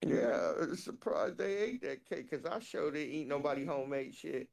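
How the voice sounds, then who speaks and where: A woman co-hosting a casual chat, telling animated, profane stories and laughing through them. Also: sits low, normal speed, vocal fry.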